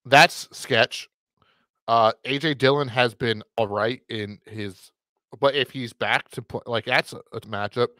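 A man's voice: medium pitch, fairly even intonation, measured pace, sharp tone, no room sound. Guy cohosting a football podcast, wanders off mid-thought, dry close mic. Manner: rambling, self-correcting, wry. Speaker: podcast co-host. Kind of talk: casual fantasy football chat.

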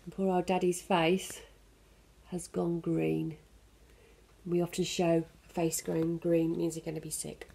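A woman at a children's centre reading a picture book aloud to young children, pausing to explain the story gently. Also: fairly low pitch, little pitch movement, creaky, slightly rough.

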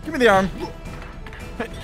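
A young man narrates his VR gameplay with a high, lively voice that leaps up and down. He is playful and excitable, taunting the characters he fights. Faint game music plays quietly behind him. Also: measured pace. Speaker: gaming YouTuber.

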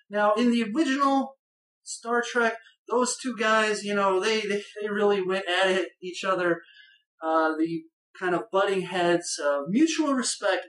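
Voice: mid-range voice, fairly bright tone. A person giving a casual spoken film review in a rambling, conversational way, with bursts of enthusiasm. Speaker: movie reviewer. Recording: roomy echo, voice far from the mic.

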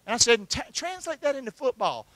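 A middle-aged man preaches, his voice high-pitched and ringing bright. He works the room with call-and-response, pressing the congregation for answers. The sound is close and dry, with almost no room echo. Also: sing-song, fast talker. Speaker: pastor. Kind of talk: sermon.

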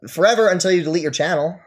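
On a live stream, a man with a high, husky voice talks fast as he rants at his chat, reading and answering it while mocking and taunting his target and laughing at them.

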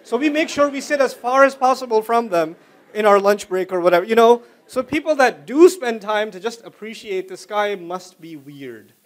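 A man's voice: high-pitched, normal speed. A man giving a religious lecture, explaining ideas through repeated everyday examples, joking and acting out what people say. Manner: animated, joking, acts out quoted speech. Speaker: Islamic lecturer.

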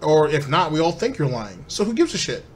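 A man's voice: on the high side, very animated, fairly quick, a little hiss or hum. A man hosting a commentary channel who reacts to clips with sarcastic, mocking remarks aimed at his viewers.

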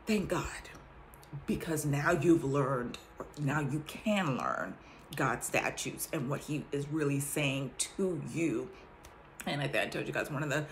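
A woman's voice: deep voice, slight background noise. A woman chatting casually to her viewers about her faith and the lessons she has learned, often breaking into laughter. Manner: animated, laughs often, addresses viewers directly. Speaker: vlogger sharing a faith testimony. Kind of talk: casual testimony chat.

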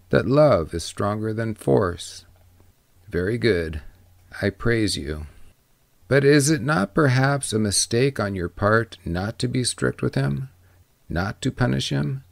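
Man voicing a gentle old ferryman, storybook reading, low gravelly tone, dry close sound. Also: no room sound. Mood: gently probing. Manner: measured, gentle questioning. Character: old wise male ferryman, calm and gentle. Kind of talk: audiobook reading.

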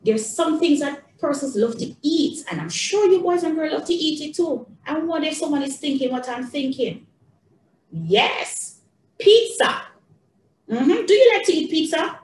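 A woman teaching young children, speaking in a slow, singsong, encouraging way, recorded a bit away from the mic in an echoey room with faint background noise. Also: sits high, very animated, a little mellow, recorded from a distance.

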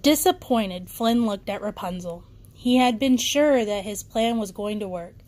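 A woman's voice: mid-range voice, unhurried, darkish tone, slight background noise. A woman reading a children's bedtime story aloud, with occasional small slips and restarts.

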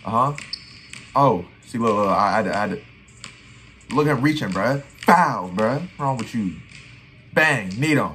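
A young man giving excited reaction commentary on his old basketball footage, trash-talking and repeating his phrases. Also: mid-range voice, measured pace, long pauses. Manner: hype trash talk, repeats phrases, keeps saying "bro". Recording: faint music behind.

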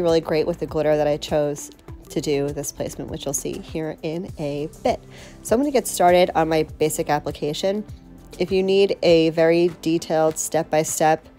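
A woman's voice: sits low, mellow. A woman chatting casually while demonstrating a nail tutorial, friendly and talkative, with a light allergy cough. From South Florida. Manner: chatty, friendly, laughs easily.

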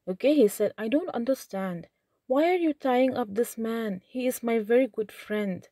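A woman with an Indian English accent, reading lines from a play and explaining them plainly, often pausing with "okay". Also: mid-range voice, mellow, dry recording, clean studio sound. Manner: reads lines then restates them in simple words, frequent "okay". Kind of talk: line-by-line literature lesson, reading and paraphrasing.

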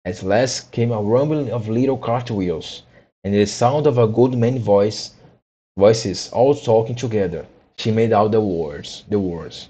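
A man reading a children's book aloud, halting with frequent restarts and repeated words. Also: lowish voice, dark tone, muffled recording. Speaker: audiobook reader.

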